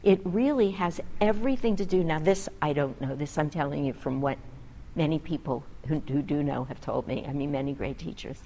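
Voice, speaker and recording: A woman's voice: low voice, brisk, dark tone, slight background noise, rough recording. A woman physician earnestly telling a story about a patient, reflective and acting out the conversation between them. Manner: earnest, reflective, acts out dialogue.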